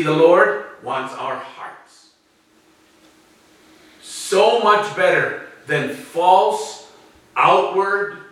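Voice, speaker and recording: Male preacher, bright, slow, dramatic delivery; far-off mic in a very echoey hall. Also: high voice. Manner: dramatic, acting out quoted voices. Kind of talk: sermon.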